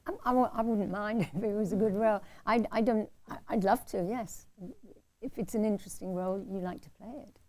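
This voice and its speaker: A woman in her seventies with a Liverpool accent, a guest actress answering questions modestly and haltingly in an onstage festival conversation. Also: mid-range voice, steady tone, dark tone. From Liverpool, England. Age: 70s.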